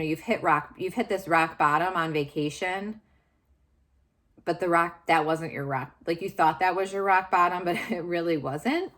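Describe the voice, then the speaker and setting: A woman with a notably low voice speaks straight to camera in a candid, confessional way. She searches for her words, circles back and restarts often. It sounds unscripted and personal. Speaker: vlogger sharing personal story.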